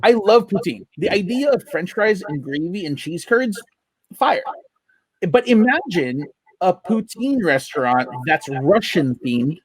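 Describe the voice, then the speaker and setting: Male podcast co-host, higher voice, dry close sound, easygoing and jokey. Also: unhurried, slightly rough, no echo. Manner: animated, laughs a lot, jokey. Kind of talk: casual chat.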